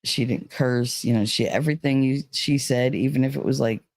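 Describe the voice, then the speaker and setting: A woman's voice: rumbling low, steady tone, fairly quick, a little mellow, no room sound. Rambling woman telling a story. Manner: rambling, fillers like "like" and "you know". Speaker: vlogger. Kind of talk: casual storytelling.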